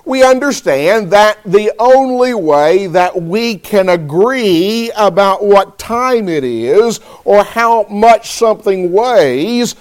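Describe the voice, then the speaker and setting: A man preaching a sermon, speaking deliberately and calling on listeners by name. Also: sits high, expressive, clear, resonant tone.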